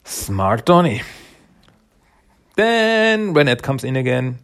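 A man's voice: mid-range voice, sing-song, slow, fairly bright tone, clean tone. A man casually recapping a comic book, chatty and often laughing, acting out the characters' lines as he goes. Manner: chatty, laughs often, retells scenes with quotes.

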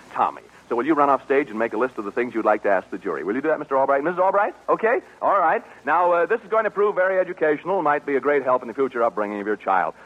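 A man's voice: mid-range voice, breathy edge. A man hosting a live radio game show in a studio, jovial and teasing, laughing often as he leads contestants. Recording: muffled old radio broadcast recording.

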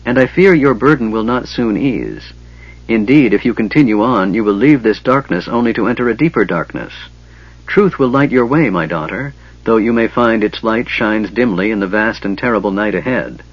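A man voicing the gentle spirit of a long-dead mother and priestess, speaking softly and solemnly, on a slightly dull recording. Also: lowish voice, lively intonation, normal speed. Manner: soft, solemn.

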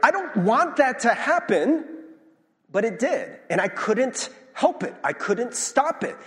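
Lively, animated male pastor in a reverberant hall. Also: very high-pitched, takes it slowly. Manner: conversational, self-deprecating, acts out quoted reactions. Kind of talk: sermon.

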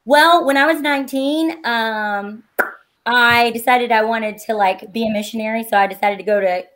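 Bubbly Appalachian woman, higher voice. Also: moderate pace, a bit bright. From Eastern Kentucky, Appalachia. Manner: bubbly, laughs often. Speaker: podcast guest. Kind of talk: casual chat.

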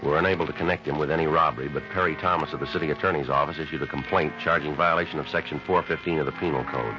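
A man's voice: a bass voice, fairly even intonation, rapid-fire, over music. An actor playing a terse male police detective who narrates and questions suspects in a clipped, matter-of-fact way, in a 1950s radio crime drama on a lo-fi old broadcast. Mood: flat report.

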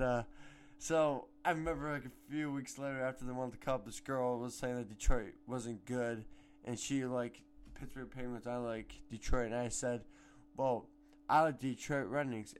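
A teenage boy hosting a casual solo sports podcast at home, rambling and excitable, sometimes breaking into shouts. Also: mid-range voice, clean tone. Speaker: podcast host. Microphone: home microphone.

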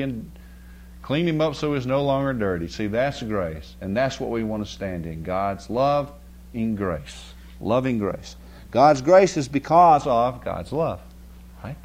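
A man's voice: mid-range voice, darkish tone. A man preaching a sermon, telling a homely story and often checking with his listeners. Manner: folksy storytelling with rising emphasis and frequent "right?" checks. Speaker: pastor.

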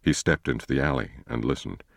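A man reading a thriller novel aloud as an audiobook narrator, in a measured, steady way. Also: rumbling low, creaky, dry recording, studio quality. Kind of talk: scripted narration.

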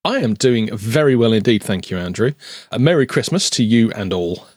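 Measured low-voiced man, dry sound. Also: animated, darkish tone, husky, dry recording. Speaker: podcast co-host. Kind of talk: casual chat.

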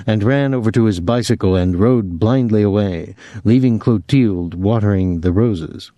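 Low, mellow male audiobook narrator. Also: moderate pace, hardly any pauses, no echo, clean studio sound. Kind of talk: scripted narration.

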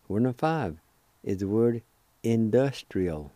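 A man with a lowish, dark voice hosts a radio language lesson, sounding animated at normal speed with no echo. It's a slow, patient vocabulary session in which he spells words one letter at a time, repeats each pronunciation, and gently encourages listeners.

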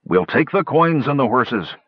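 A man's voice: mid-range voice, big pitch swings, a little slow, breathy edge, no room sound, muffled recording, voice pushed up. A man doing a curt robber chief. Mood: cold. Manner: curt, commanding. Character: cold commanding human robber leader, man.

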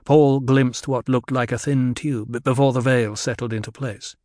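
Male narrator, scripted audiobook reading, measured and even, mid pitch, dead-dry close recording. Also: no room sound.

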